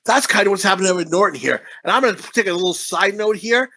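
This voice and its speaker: A man's voice: high-pitched, racing, pushed and bright, dry recording. A man co-hosting a movie review podcast, talking in a crude, rambling way, swearing constantly and laughing often. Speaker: podcast co-host.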